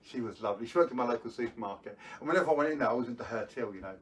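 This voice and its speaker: A man's voice: mid-range voice, very fast. A middle-aged man doing magic tricks and telling self-deprecating stories in chatty live patter. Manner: chatty, self-deprecating storytelling with filler words. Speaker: magician performer. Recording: distant mic, faint room noise.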